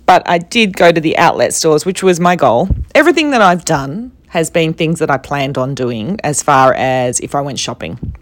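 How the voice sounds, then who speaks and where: A woman's voice: lowish voice, no echo. A young Australian woman telling travel stories in a chatty, casual way. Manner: chatty, animated when quoting others, soft when serious. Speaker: travel vlogger. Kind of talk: casual storytelling.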